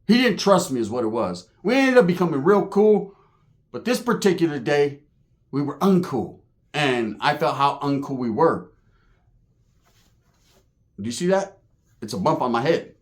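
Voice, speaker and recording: A man telling a profane, animated story in stand-up style, acting out the other people in it. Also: on the high side. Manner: animated, profane, acts out voices. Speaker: stand-up comedian.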